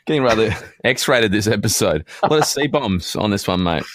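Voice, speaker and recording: A man's voice: fairly low pitch, expressive, moderate pace, no room sound, studio quality. A man co-hosting a casual podcast, bantering and teasing his co-host. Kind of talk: casual chat.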